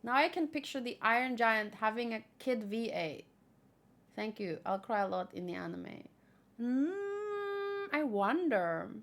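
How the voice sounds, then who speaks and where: High-voiced, slow-talking woman reading a comic. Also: fairly bright tone. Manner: chatty and emotional, gushing reactions. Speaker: manga read-along host. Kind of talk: casual comic read-aloud with commentary.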